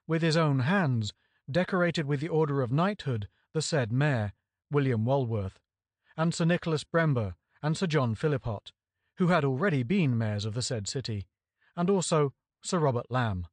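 A man's voice: mid-range voice, no room sound. Man reading history, dry close sound. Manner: measured, even reading with quoted passages marked aloud. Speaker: audiobook reader. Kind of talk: scripted narration of a history book.

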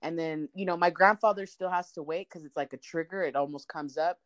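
Animated storytelling woman. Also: fairly low pitch, fairly quick. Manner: animated storyteller, swears, acts out quotes. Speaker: podcast co-host. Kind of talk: casual chat.

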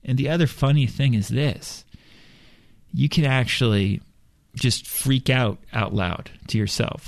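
A man's voice: medium pitch, unhurried, vocal fry, dry recording, clean studio sound. A man giving a motivational self-help monologue, speaking in a blunt, profane, irreverent and emphatic way.

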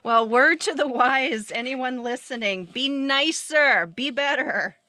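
A woman's voice: high voice, slow pace, pushed and bright, no echo. A woman hosting a podcast, asking questions in a chatty, hesitant way full of fillers. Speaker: podcast host. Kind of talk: casual interview.

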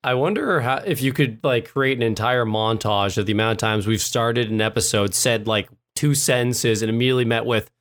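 A man's voice: mid-range voice, brisk, hardly any pauses, a bit bright. A man co-hosting a casual podcast chat, joking and rambling, often laughing. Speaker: podcast co-host.

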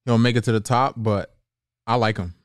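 A young man co-hosting a casual MMA podcast, chatting in a relaxed, slangy way. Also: mid-range voice, normal speed, no room sound, studio quality. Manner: laid-back banter, slangy, laughs often. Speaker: podcast co-host.

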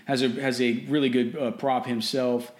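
A man's voice: medium pitch, level tone, normal speed. A man giving casual fantasy football and betting commentary in a blunt, opinionated way, often restarting and repeating words.

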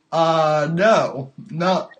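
A man hosting a live call-in podcast, halting and often repeating his words. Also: fairly high pitch, a bit bright. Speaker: podcast host. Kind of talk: live call-in show chat.

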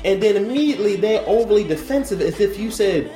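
A man's voice: high voice, animated, fast talker, dark tone, reverberant, soft background music. A man co-hosting a podcast in loose, crude banter, rambling and profane and laughing often. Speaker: podcast co-host.

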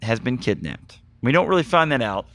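A man hosting a casual movie podcast, talking in an animated, rambling way and getting excited as he goes. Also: mid-range voice, brisk, no echo. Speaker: podcast host. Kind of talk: casual movie review chat.

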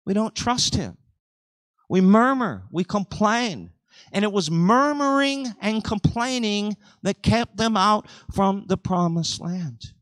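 A man preaches a sermon in a slightly raised voice, climbing into loud, driving peaks before dropping back into quiet, chatty asides. The recording is close and dry, with no room sound around him. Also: sits high, dry recording, rough recording. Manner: animated preaching with sudden surges and drops in volume; conversational asides between scripture points. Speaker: pastor.

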